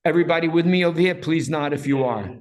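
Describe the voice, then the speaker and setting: A man leading a Bible study class, reading Hebrew aloud and acting out the text's dramatic cries with animated emphasis. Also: on the high side, fast talker, echoey room, crowd noise. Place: room with a small class.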